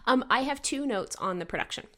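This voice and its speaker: A woman co-hosts a casual podcast. She gives blunt opinions with deadpan humor. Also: a little high, fairly quick. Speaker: podcast co-host. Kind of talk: casual chat.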